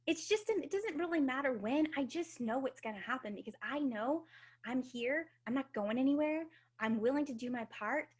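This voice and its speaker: A woman, likely in her thirties, giving a casual, upbeat motivational talk on a video team call, swearing now and then. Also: on the high side. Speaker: guest speaker.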